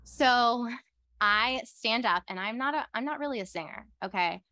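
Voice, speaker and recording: A young woman co-hosting a podcast, telling a story in a rambling, excitable way and filling her talk with "like". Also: on the high side, moderate pace, dry recording. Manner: rambling and excitable, heavy use of "like". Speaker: podcast co-host. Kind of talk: casual storytelling chat.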